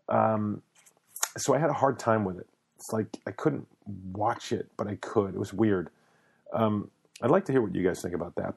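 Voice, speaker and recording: An American talk show host with a lowish, husky voice, musing aloud at length. He rambles loosely, piling up fillers, repeats and restarts as he goes. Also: a little mellow. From United States. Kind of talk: casual monologue.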